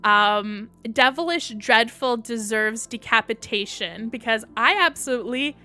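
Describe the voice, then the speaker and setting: A woman's voice: fairly high pitch, measured pace, bright, forceful tone, soft background music. A young woman hosting a casual livestream, chatting and answering viewers' comments as she goes. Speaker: livestream host.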